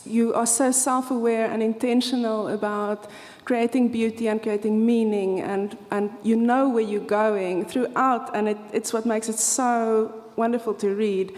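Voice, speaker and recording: A woman's voice: on the high side, steady tone, unhurried, few pauses, a little mellow. A woman moderating a live festival panel, reading her notes and asking a guest about a book. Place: festival event hall. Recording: live hall with reverb.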